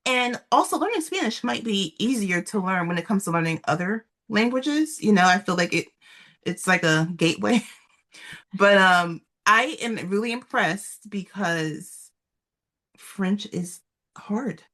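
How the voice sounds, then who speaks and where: A woman's voice: mid-range voice, lively intonation, measured pace, a bit bright. A woman co-hosting a podcast in casual chat, chatty and laughing often, trailing off with fillers. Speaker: podcast co-host.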